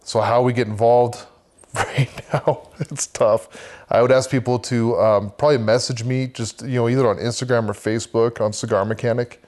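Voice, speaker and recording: A man's voice: mid-range voice, steady tone, normal speed, a little mellow. A man, guest on a podcast, earnestly telling a vivid personal faith story and talking about leading a men's church group.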